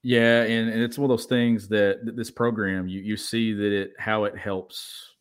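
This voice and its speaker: Low-voiced male sports podcast co-host. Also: level tone, moderate pace, smooth. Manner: reflective, conversational. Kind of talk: casual sports talk.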